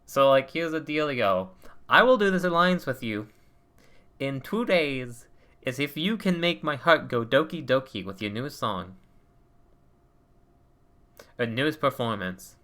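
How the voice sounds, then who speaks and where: A man voicing a flat, blunt young woman who feels nothing, speaking in a bored, low-key way. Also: unhurried, pauses often.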